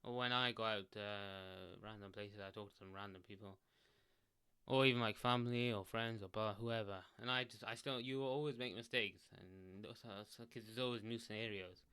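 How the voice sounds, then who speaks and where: Seated at a desk microphone, a man with a fairly low, smooth voice and moderate pace offers casual self-help advice on his own. He's relaxed and loose, rambling with lots of "like," fillers, and restarts.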